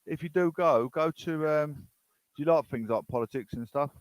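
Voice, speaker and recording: A man's voice: on the high side, moderate pace, clear, resonant tone, no echo, poor audio. Chatty British man, dry sound. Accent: British English. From United Kingdom. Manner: rambling, chatty, unsure. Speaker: online chat host. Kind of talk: casual chat with strangers.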